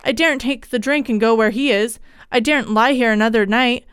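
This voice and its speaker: A woman voicing a frightened young gentleman haunted by guilt, in a period ghost story. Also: on the high side, a little fast, smooth, no room sound, clean studio sound, natural voice. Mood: terrified. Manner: anxious, despairing.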